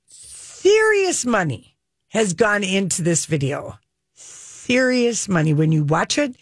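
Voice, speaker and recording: A woman's voice: medium pitch, very animated, slow pace, slightly rough, dry recording. Casting note: woman radio co-host, gossipy rambling storyteller, dry studio sound. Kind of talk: casual radio chat.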